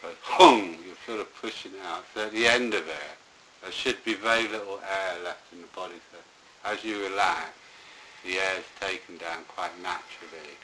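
Man, deep bright voice, meditation teacher, rambling and hesitant, restarts often. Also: fairly even intonation, moderate pace, slight background noise, rough recording. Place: indoor room with a live group.

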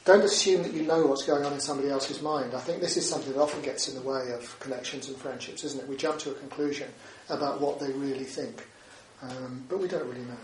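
With a mid-range voice, fairly even intonation, and a quick pace, a man gives a dharma talk as a Buddhist teacher. He talks conversationally and frequently ends with tag questions such as "isn't it?" The audio, from a distant mic, has roomy echo, faint ambience, and slight background noise.

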